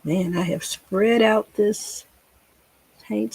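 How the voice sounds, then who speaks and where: Woman art teacher, slow, husky, chatty while she paints, dry close sound. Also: mid-range voice, expressive, no echo. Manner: chatty, talks to herself while painting, folksy. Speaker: painting instructor. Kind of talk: casual painting tutorial.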